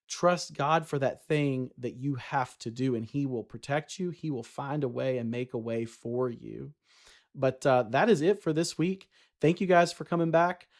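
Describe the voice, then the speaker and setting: A man's voice: medium pitch, moderate pace. Casual man sharing a devotional. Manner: conversational, many fillers and restarts. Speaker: Christian vlogger.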